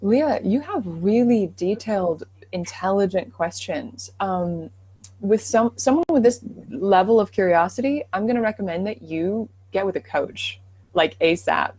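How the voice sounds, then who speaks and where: A woman co-hosting a live online Q&A as an accent coach, explaining things in a warm, encouraging way. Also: medium pitch, animated, measured pace, slightly rough, poor audio. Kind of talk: live online Q&A, giving advice.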